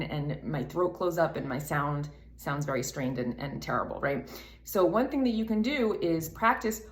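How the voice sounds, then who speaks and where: A woman vocal coach chats her way through singing technique, laughing between points. Her low-ish voice is still froggy from the morning and not yet warmed up, and the sound is reverberant.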